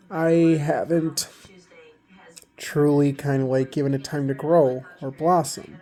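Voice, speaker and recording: A man's voice: fairly high pitch, warm tone. A young man casually retelling relationship advice he got, rambling with lots of fillers. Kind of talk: casual storytelling vlog.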